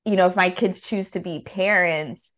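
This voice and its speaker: A woman hosting a podcast for new moms, chatty and excitable, with sudden loud bursts and lots of fillers. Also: fairly low pitch, moderate pace. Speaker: podcast host. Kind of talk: casual podcast conversation.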